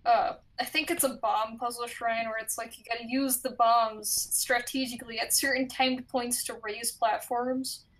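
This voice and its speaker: A woman chatting casually on a gaming stream, telling stories in a lively way. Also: a little high, moderate pace, few pauses, far from the mic, rough recording. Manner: chatty, animated storytelling.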